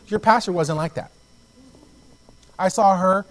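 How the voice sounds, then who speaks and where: A man preaching a sermon as pastor, telling stories with lively acted-out voices and repeating phrases as he goes. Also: on the high side, normal speed, long pauses, poor audio. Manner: animated storytelling, acts out quoted voices. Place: church.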